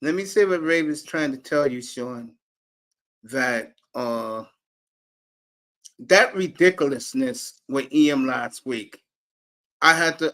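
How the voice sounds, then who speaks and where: A man's voice: medium pitch, expressive, slow, pauses often, pushed and bright. A man hosting a live sports talk stream, brash and profane, calling out chat viewers by name. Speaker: sports talk show host.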